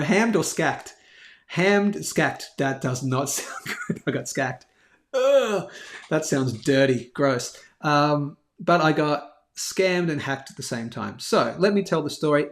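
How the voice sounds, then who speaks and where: A man hosting a live stream, casually telling a rambling, self-deprecating story. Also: on the high side. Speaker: host of a daily live bullion show. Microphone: live stream over a phone hotspot.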